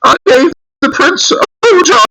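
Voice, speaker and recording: A man voicing a bawdy old British grandmother in a high, warbling falsetto with a theatrical, quavering manner. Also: lively intonation, measured pace, creaky, bright, forceful tone, heavily acted, rough recording. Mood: wailing, bawdy. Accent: put-on British.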